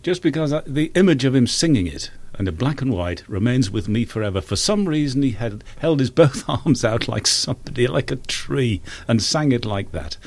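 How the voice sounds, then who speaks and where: A man's voice: mid-range voice, normal speed, hardly any pauses, no echo. A man, a guest on a radio show, reminiscing casually about old films. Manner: reminiscing, animated.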